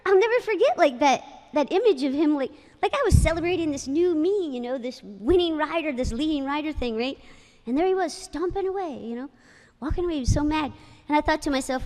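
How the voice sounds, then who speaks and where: Her voice sits high and is expressive, running a little fast. A former jockey being inducted, she tells stories in a chatty, filler-heavy speech in a ceremony hall, where a long reverb trails her words.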